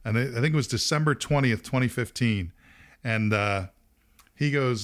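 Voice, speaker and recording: Middle-aged male podcast host, mid-pitched, lively storyteller who laughs a lot. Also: moderate pace. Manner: animated, laughs often, acts out quotes. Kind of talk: casual storytelling.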